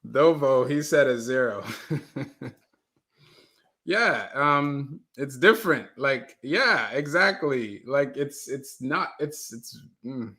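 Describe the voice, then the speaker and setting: A man's voice: medium pitch, extremely slow. A man hosting a casual livestream, talking loosely, repeating himself and reading out viewer comments. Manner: animated, repeats himself, reads chat aloud. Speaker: livestream host.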